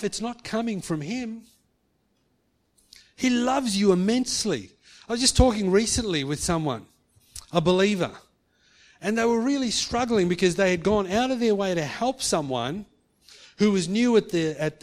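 A man preaching a sermon, earnest, acting out quoted speech and rising to emphatic peaks. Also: high voice. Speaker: pastor.

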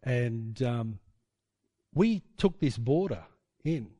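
A man's voice: mid-range voice, expressive, slow pace, dark tone, dry recording, clean studio sound. A middle-aged man preaching, telling a personal testimony in a rambling, conversational way with frequent tag questions. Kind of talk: sermon testimony storytelling.

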